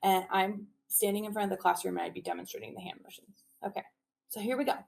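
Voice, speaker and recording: A woman teacher giving a webinar demonstration, animated and drilling phrases in a sing-song call-and-response. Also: mid-range voice, fast, vocal fry. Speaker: early childhood teacher presenting a webinar. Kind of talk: teacher demonstration with chants and repetition.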